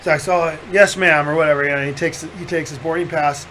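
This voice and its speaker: High-voiced man telling a wild story. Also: brisk, slight background noise, rough recording. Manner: animated, profane storyteller who laughs through the punchlines. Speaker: podcast host. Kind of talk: casual chat, storytelling.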